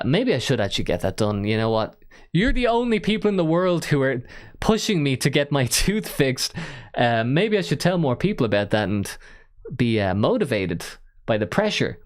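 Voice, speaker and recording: A man hosting a live-stream call-in show, chatting casually, self-mocking and rambling with fillers. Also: mid-range voice.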